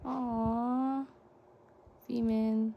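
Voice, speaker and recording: A young woman vlogger unboxing fan merchandise in casual chat, gushing and excitable with frequent gasps and exclamations. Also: on the high side, extremely slow, lo-fi sound, a little hiss or hum.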